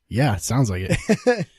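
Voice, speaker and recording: A man's voice: mid-range voice, wildly swooping pitch, slow pace, husky, no echo, clean studio sound. A young man co-hosting a podcast, tossing in wry jokes and laughs during casual chat. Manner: joking, wry interjections, laughs. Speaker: podcast co-host.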